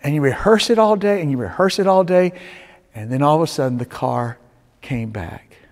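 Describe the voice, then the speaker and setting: A man's voice: a little high, lively intonation, moderate pace. Preacher man in a reverberant sanctuary. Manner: storytelling with dramatic swings between loud urging and hushed tones. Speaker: pastor. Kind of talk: sermon. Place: church sanctuary. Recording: long reverb of a church sanctuary.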